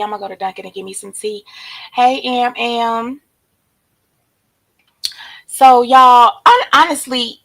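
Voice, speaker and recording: A hoarse woman, chatting casually on a livestream and greeting viewers by name in a drawn-out, relaxed way. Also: medium pitch, poor audio. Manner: relaxed, drawn-out shout-outs to commenters. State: hoarse, losing her voice. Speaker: livestream host. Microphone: streaming setup.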